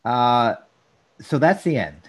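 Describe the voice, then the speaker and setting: A man's voice: mid-range voice, slow. Guy cohosting a podcast, goes up and down a lot when he talks, walks through tv scenes. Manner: animated, recaps scenes in detail. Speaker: podcast co-host. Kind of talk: casual chat reviewing a sitcom episode.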